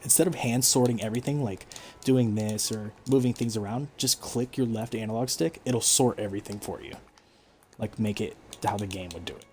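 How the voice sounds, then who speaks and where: A man giving relaxed, explanatory commentary over his own gameplay stream, with frequent fillers. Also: on the low side, fairly quick, slight background noise. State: hiccups. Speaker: gaming streamer.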